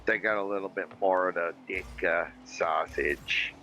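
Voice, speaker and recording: A man with a very low, deep voice hosts a loose livestream chat. He rambles, swears freely and reads viewer comments aloud in an emphatic, offhand way. Faint music plays underneath. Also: steady tone, fast, bright, forceful tone, rough recording. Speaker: livestream podcast host.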